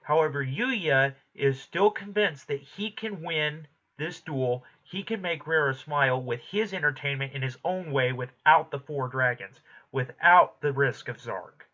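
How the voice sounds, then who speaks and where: Man recapping an anime episode, bright voice. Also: fairly high pitch, lo-fi sound. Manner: retells plot quickly, quoting characters in passing.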